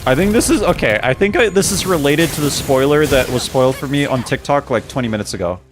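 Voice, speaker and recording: An animated, fast-talking young man with a mid-range voice streams a game, reading chat aloud. His casual commentary is playful and full of jokes and frequent laughter, while game music plays loudly behind.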